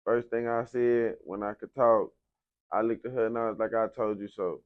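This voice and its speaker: A man's voice: mid-range voice, little pitch movement, normal speed, smooth, dry recording, lo-fi sound. A young man from San Antonio, Texas, telling his life story in a casual interview, heavy on slang and "you know what I'm saying". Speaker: interview guest, rapper.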